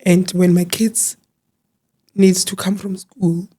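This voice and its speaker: A woman speaks as an interview guest in a low, mellow voice. She talks earnestly and haltingly, often repeating words as she searches for them. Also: level tone, husky. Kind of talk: personal testimony in an interview.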